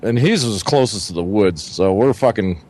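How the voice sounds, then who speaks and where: A man's voice: on the low side, expressive, normal speed, darkish tone. A man telling a long camping story in a casual, profane, rambling way, often acting out his friends' voices. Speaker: podcast co-host.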